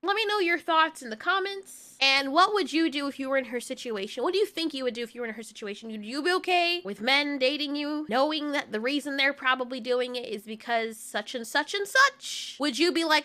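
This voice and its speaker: A young woman vlogger giving casual commentary to her viewers, animated and laughing uneasily now and then. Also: sits high, a little fast, hardly any pauses.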